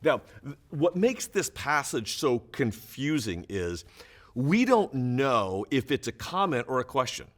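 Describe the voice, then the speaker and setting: Animated male pastor teaching scripture. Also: medium pitch, measured pace. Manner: animated, emphatic explaining with chuckles. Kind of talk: Bible teaching for small groups.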